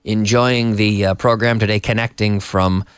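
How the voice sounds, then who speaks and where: A man's voice: fairly low pitch, fairly even intonation, moderate pace, clear, resonant tone, no echo. A man hosting a live-stream English lesson, chatting casually and reading out viewer messages from a TV studio. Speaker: English teacher and host.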